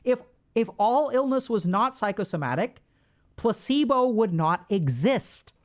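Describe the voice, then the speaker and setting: Here a middle-aged streamer discusses mental health, lecturing his chat in a casual, emphatic style, repeating phrases for emphasis and speaking to them directly and informally. His voice is high with lively intonation, and he goes a little slowly.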